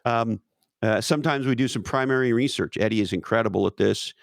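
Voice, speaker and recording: A man's voice: mid-range voice, fairly quick, creaky, no room sound, clean studio sound. A man talking casually as an interview guest, emphatic and profane, with many restarts.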